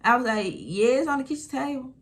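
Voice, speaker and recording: Young woman, 20s, casual storytime vlogger, animated and blunt. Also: high voice, brisk. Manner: animated retelling, acting out quotes, frequent swearing.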